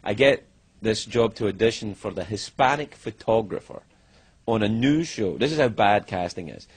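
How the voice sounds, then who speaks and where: A middle-aged man telling career stories as an interview guest, animated and profane, acting out what others said. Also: fairly low pitch, moderate pace, breathy edge. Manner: animated, profane, acts out other people's lines. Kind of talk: candid storytelling interview.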